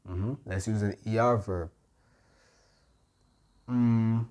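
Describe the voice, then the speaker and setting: A man teaching a grammar lesson, explaining patiently and pausing often with soft "mm-hmm" fillers. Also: on the low side, fairly even intonation. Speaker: Spanish tutor.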